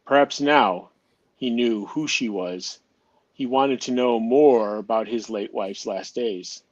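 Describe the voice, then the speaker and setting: A man narrating an amateur audio drama in a steady reading voice, now and then stumbling and restarting a phrase. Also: medium pitch, takes it slowly, no room sound, muffled recording.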